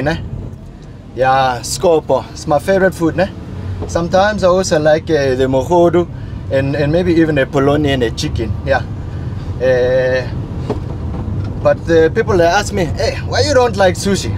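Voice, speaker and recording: A man interviewed on a city street, talking boisterously in slang and calling out to passers-by. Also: on the high side. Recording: outdoor street with traffic noise.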